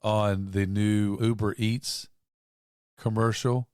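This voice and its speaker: A man's voice: fairly low pitch, little pitch movement, slow, darkish tone, smooth, no echo, studio quality. A man co-hosting a casual chat show, joking and teasing his partner. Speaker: co-host.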